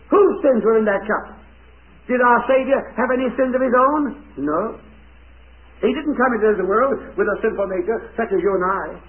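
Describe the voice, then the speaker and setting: A man preacher giving an object-lesson sermon to children and adults, emphatic and dramatic, stopping to put questions to the children. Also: high voice. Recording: tinny, phone-like old recording.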